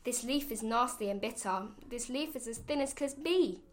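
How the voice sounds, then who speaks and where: A woman's voice: fairly high pitch, normal speed, natural voice. A woman voicing a greedy, swaggering male rat robber who bullies travellers in a storybook. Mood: boastful. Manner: boastful, bullying, chanting his rhyme.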